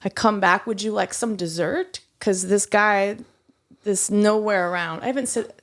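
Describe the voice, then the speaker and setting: A young adult woman co-hosting a podcast, telling a story in casual chat and acting out the quotes with big jumps in her voice. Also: normal speed. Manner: animated, acts out quotes with big pitch jumps, swears. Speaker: podcast co-host.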